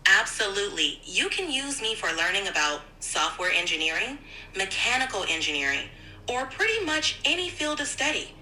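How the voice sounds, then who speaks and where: A synthetic female AI assistant voice, upbeat and polite, smoothly helpful in conversation. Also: medium pitch, sing-song, moderate pace, pushed and bright, roomy sound, a little hiss or hum, low-quality recording.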